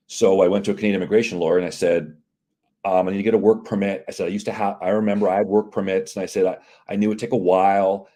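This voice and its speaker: Low, mellow-voiced man telling a story. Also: racing. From United States. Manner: animated, acts out dialogue with quoted voices. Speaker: CEO of immigration and employment firm, guest. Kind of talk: casual interview storytelling.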